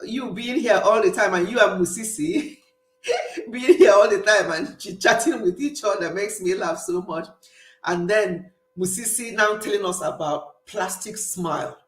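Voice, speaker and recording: A woman's voice: mid-range voice, measured pace. Chatty Nigerian woman in a roomy space. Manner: chatty, laughs often, reads and answers comments. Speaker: live-stream host. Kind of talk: casual live-stream chat with viewers. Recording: roomy echo.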